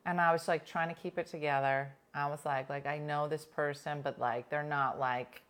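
A woman's voice: deep voice, normal speed. Chatty woman on a talk show. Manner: animated storytelling, heavy use of "like". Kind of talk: casual chat.

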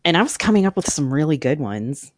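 Host, casual chat, rambling and animated, mid pitch, very dry close recording. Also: fairly quick, dry recording. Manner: chatty, rambling, animated storyteller.

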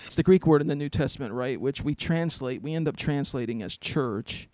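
A man's voice: medium pitch, brisk, a little mellow, a little hiss or hum. A man hosting an interview who asks curious questions and offers short affirmations.

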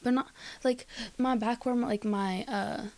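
Rambling teen girl, higher voice. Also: fairly even intonation, a little slow, a little mellow. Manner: rambling, lots of likes and ums. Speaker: co-host, child. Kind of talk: casual family podcast chat.

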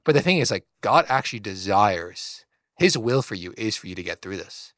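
A man's voice: lowish voice, lively intonation, moderate pace, fairly bright tone, no room sound, clean studio sound. A man co-hosting a church podcast, talking earnestly and encouragingly in a casual way, with many "like"s. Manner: earnest, encouraging, says "like" often. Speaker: podcast co-host.

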